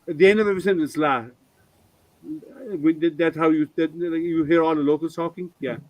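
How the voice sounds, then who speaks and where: A man's voice: a little high, fairly even intonation, fairly quick, darkish tone, no room sound, rough recording. A man hosting a casual maker hangout, rambling with lots of ums and restarts. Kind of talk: casual chat.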